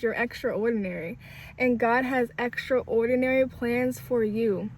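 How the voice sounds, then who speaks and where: A young woman giving an inspirational spiritual message in a casual, conversational way, building emphasis through repetition. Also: a little high. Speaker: spiritual speaker.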